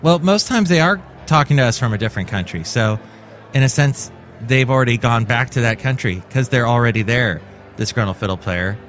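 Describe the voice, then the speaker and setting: A man's voice: mid-range voice, animated, fairly quick, a bit bright, faint music behind. A man hosting his own comedy podcast, rambling and jokey in a chatty monologue. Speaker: podcast host.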